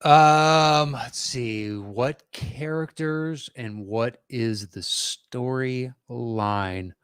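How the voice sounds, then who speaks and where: A man in his forties co-hosting a podcast in casual chat, hesitant and thinking aloud with pauses and fillers. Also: medium pitch, a bit bright, clear, resonant tone, dry recording, clean studio sound. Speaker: podcast co-host.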